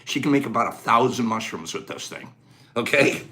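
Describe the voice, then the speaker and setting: A man hosting a casual live stream, greeting viewers by name and running a quick quiz with lively banter. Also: medium pitch, slight background noise. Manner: animated, shouts out viewer names, quick game-show banter. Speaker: livestream host.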